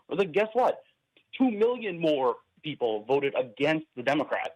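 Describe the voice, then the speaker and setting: A man's voice: mid-range voice, very animated, normal speed, darkish tone, dry recording, low-quality recording. A man calling into a talk show, arguing his point hesitantly and stumbling over his words. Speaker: caller. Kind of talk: call-in debate.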